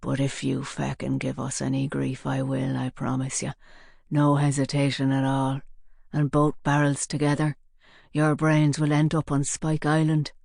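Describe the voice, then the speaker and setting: A woman voicing a menacing male gunman with a hoarse, gravelly voice. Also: very deep voice, monotone, unhurried, a little mellow, dry recording, clean studio sound, pitched below the performer's own voice, full character voice. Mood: threatening.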